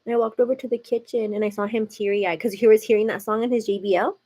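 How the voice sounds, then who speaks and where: A woman hosts a live makeup stream, talking casually and confidingly to her viewers and calling them "girl" as she works. Her medium-pitched voice is fast, mellow, and husky, with a steady tone.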